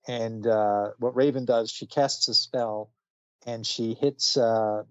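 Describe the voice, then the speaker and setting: A man's voice: fairly low pitch, steady tone, a little slow, no room sound, highs cut off. A man casually retelling a comic book story on a podcast, chatty, with many fillers and frequent laughs. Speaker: podcast co-host.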